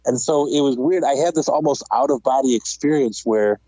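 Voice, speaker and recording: A man tells a story in loose, casual chat. He laughs a lot and acts out the people he quotes. His voice sits at a middle pitch and is recorded close and dry, with no room sound. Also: fairly quick, husky, no echo, low-quality recording. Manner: animated, laughs while telling stories, acts out quotes.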